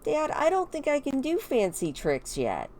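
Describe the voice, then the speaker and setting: A woman's voice: high-pitched, huge pitch swings, a little slow, darkish tone, pitched above the performer's own voice, full character voice. Woman voicing a whiny, frustrated young girl.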